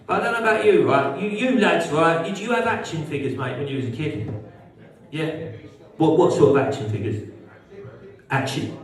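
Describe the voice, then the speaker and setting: A young British stand-up comedian performs live at a social club, brash and sweary as he banters with the crowd, whose laughter fills the background. His voice is on the high side, expressive, at a moderate pace with frequent pauses, heard from a distance in a roomy hall.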